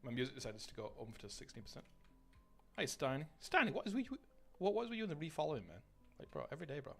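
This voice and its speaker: A man's voice: medium pitch, huge pitch swings, rapid-fire, vocal fry, soft background music. A man chatting casually to his live-stream audience while gaming, rambling, swearing and greeting viewers by name.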